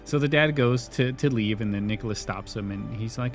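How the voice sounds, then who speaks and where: A man's voice: mid-range voice, steady tone, normal speed, faint music behind. A man hosting a casual podcast, retelling scenes from a TV episode and laughing often as he quotes the characters. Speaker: podcast host. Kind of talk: casual recap chat.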